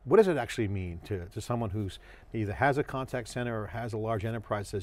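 A man's voice: fairly low pitch, expressive, fast, darkish tone. A man hosting a studio interview, asking guests broad questions with enthusiastic framing. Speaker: interview host.

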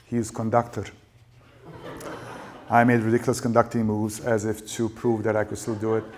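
A man reads his own fiction aloud to a lecture audience in a low voice. His delivery is measured and dry, and he lets each sentence land. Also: monotone, slight background noise. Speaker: novelist reading his work. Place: lecture event.

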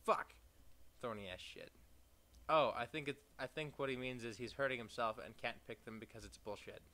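This young man speaks at medium pitch and a little fast while playing through a game for a let's play. His commentary is casual and profane, mixing read-aloud game text with sarcastic asides and abrupt shouting.

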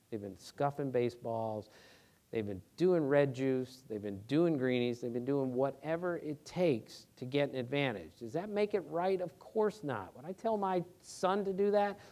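On a theater stage, a middle-aged sports reporter with a medium-pitched voice fields audience questions in a live Q&A. He is animated and earnest, throwing in emphatic rhetorical questions.

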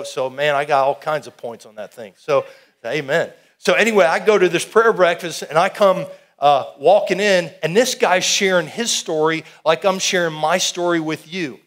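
A middle-aged man giving an animated, folksy testimony sermon to a youth rally, calling out to the crowd. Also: a little high. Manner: animated, folksy, audience call-and-response.

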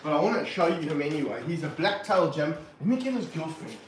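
A man's voice: a little high, big pitch swings, fast, roomy sound, far from the mic, a little hiss or hum. A man presenting wildlife on a livestream, talking earnestly and passionately about animals while handling snakes. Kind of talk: casual livestream talk.

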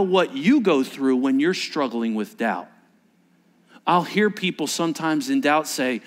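Animated male preacher acting out scenes. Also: on the high side, measured pace. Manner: dramatic, acts out quoted disciples with shifting voices. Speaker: pastor. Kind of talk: sermon. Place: church.

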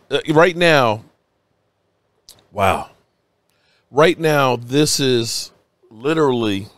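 A man's voice: mid-range voice, no echo. A man live-streaming, emotional and a bit tipsy, rambling and swearing as he rants with emphatic bursts.

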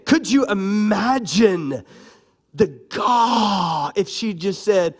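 Animated pastor preaching, slightly hoarse. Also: male voice, sits high, extremely slow. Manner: animated, conversational and joking, lively shifts between loud and soft. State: raspy from cough medicine and little sleep. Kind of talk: sermon.

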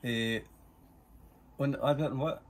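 A man's voice: mid-range voice, fairly even intonation, a little slow. Older Scottish man, rambling and profane. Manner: rambling, profane, full of "eh" fillers. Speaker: interviewee telling stories. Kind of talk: casual storytelling.

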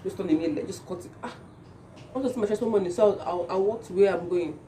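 A woman's voice: mid-range voice, racing, mellow, recorded from a distance. Young Nigerian woman vlogger, just-woke-up voice, chatty with lots of restarts, in a noisy spot. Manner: chatty, repeats words and restarts a lot. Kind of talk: casual chat to camera.

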